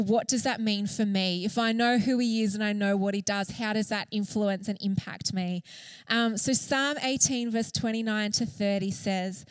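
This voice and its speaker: Una mujer joven predica con entusiasmo y franqueza, con muchas muletillas y frases sueltas. Su voz es algo aguda y seca, sin eco de sala. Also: female voice, on the high side, clean tone, no echo. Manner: earnest and enthusiastic, many fillers. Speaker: church speaker. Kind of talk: sermon.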